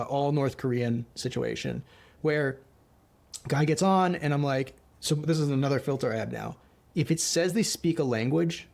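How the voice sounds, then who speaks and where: A man hosting a podcast, chatting casually and telling lively anecdotes in which he acts out the dialogue. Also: medium pitch, creaky. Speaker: podcast host. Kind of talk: casual conversational storytelling.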